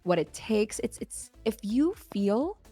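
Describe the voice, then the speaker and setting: A woman audio creator talking in a relaxed, easygoing way as a podcast guest, giving gentle advice. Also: mid-range voice, slow pace, husky, no room sound, soft background music. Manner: thoughtful, gives gentle advice. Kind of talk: casual podcast chat.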